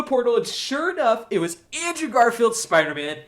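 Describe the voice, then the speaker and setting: Excitable man gushing about a film. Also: very high voice, normal speed. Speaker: show host, film reviewer. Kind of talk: enthusiastic solo movie review.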